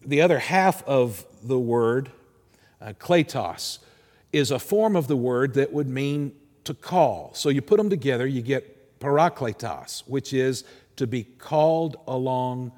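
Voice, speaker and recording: A man preaching a sermon as pastor, earnest, slowing and softening his voice to stress key words. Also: mid-range voice, lively intonation, big-room sound. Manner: earnest, slows and softens for emphasis.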